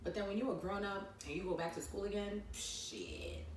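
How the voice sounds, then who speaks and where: A woman's voice: medium pitch, animated, normal speed. A young adult woman co-hosting a podcast in casual chat, sassy and teasing. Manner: sassy, teasing, talks while eating. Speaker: podcast co-host. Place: living room couch. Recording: echoey room, mic at a distance, faint noise.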